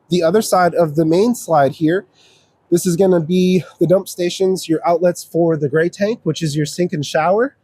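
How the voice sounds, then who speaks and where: A man with a slightly high but mellow voice gives a casual RV walkthrough, explaining each feature in a plain, practical way. The sound is dry and close, with little room around it. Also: dry recording. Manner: steady, practical, explaining controls step by step. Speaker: RV dealership salesperson giving a walkthrough. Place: outdoors around an RV, then inside it.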